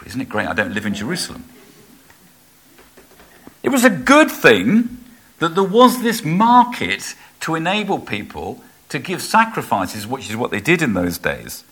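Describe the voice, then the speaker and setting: A man's voice: fairly high pitch, a bit bright, husky. A man preaching a sermon in a conversational way, asking his listeners rhetorical questions.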